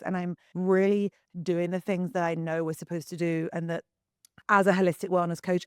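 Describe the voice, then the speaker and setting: A young woman hosting a solo podcast, husky from the early morning, talking frankly to listeners as if to close friends. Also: medium pitch, no room sound. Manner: candid, confiding, talks to listeners like friends. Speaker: podcast host and wellness coach. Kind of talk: chatty solo podcast monologue.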